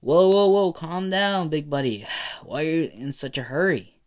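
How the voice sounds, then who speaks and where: A man's voice: mid-range voice, normal speed, pitched above the performer's own voice, natural voice. A brash teen boy hero, voiced by a man. He talks with a cocky, casual swagger. It is an unpolished fan-made storybook reading.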